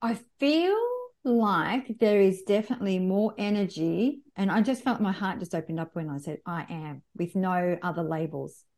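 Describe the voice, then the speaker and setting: Female podcast host, casual and engaged, mid-pitched, shares feelings openly. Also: lively intonation, moderate pace, darkish tone. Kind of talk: casual interview chat.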